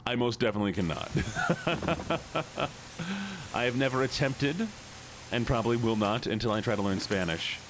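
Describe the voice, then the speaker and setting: A man's voice: on the low side, normal speed, long pauses, background noise. A young man streaming a game, chatting casually and joking with his chat, often slipping into silly voices. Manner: playful, jokey, reacts to chat and breaks into silly voices. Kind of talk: casual gameplay livestream chat.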